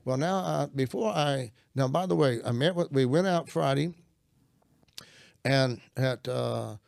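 Gravelly older man telling his testimony. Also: mid-range voice, measured pace, a little mellow, no echo, clean studio sound. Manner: earnest storytelling, acts out his own prayers. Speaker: guest minister. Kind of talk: personal testimony in conversation.

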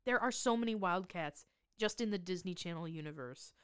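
A woman's voice: lowish voice, expressive, brisk, clear, resonant tone, dry recording, clean studio sound. A woman co-hosting a podcast, recapping a movie in casual chat with sarcastic, swearing asides. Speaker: podcast co-host.

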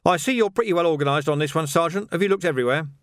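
A man's voice: fairly high pitch, rapid-fire, dry recording, voice pushed up, natural voice. A man voicing a weary, sarcastic male city watch sergeant, his delivery dry and knowing.

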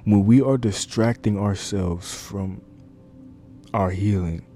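A man's voice: deep voice, mellow. A man preaching an informal sermon into a microphone, earnest and conversational, repeating key lines and using fillers. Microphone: desk microphone.

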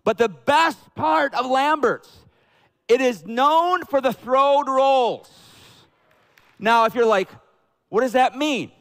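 A man with a Southern American accent preaching a sermon to his church, telling jokey stories with bursts of excitement. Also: very high voice, slow pace. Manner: jokey, animated storytelling with bursts of loud excitement. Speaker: pastor. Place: church sanctuary with a congregation.

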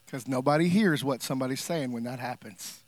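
A man's voice: mid-range voice, fairly quick, dry recording. A male pastor preaching a sermon in a conversational, emphatic way, breaking off for playful asides to the congregation.

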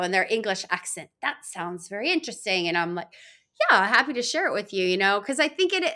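A woman's voice: mid-range voice, pushed and bright. A middle-aged woman, a podcast guest, telling her story in casual chat, full of fillers and quoted asides. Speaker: podcast guest, law firm founder.

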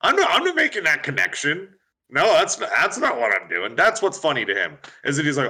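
A man's voice: on the high side, wildly swooping pitch, a little fast, pushed and bright, slightly rough. A man, a stand-up comedian guest on a podcast, rambling in casual chat, swearing and laughing.

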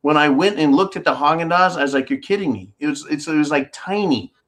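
A fast-talking man with a slightly high, fairly bright voice hosts a call-in style commentary show. Between reading viewer comments, he rambles through sarcastic rants full of swearing and holds objects up to a camera while talking.

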